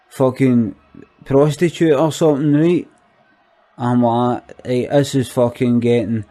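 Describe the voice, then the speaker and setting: Sweary, rambling Glaswegian young guy, played by a man, slow delivery, dark tone. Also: medium pitch, close to an everyday voice. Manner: rambling, swears constantly, repetitive. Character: foul-mouthed skint young Glasgow man, incredulous. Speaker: comic monologue character. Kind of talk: sweary comic rant.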